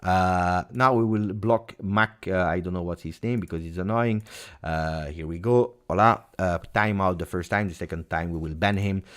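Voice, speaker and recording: Hosting a live post-match football reaction stream, a man speaks in a low voice at normal speed. He's heated and emphatic, repeating phrases to drive them home.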